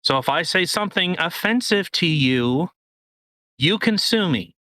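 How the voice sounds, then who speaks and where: Animated, bright-voiced man ranting. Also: fairly high pitch, a little slow. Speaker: podcast co-host. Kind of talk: casual chat.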